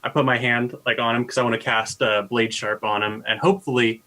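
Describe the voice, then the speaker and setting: A man playing a tabletop game, quickly explaining his character's actions. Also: medium pitch, fairly even intonation, pushed and bright. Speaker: player.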